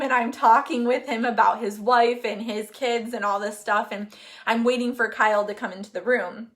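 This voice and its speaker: A woman's voice: on the high side, brisk, fairly bright tone. A young woman, a vlogger, telling a personal story in a candid, chatty way with many fillers, sometimes getting emotional. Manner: gets emotional, laughing and crying. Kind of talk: casual chat.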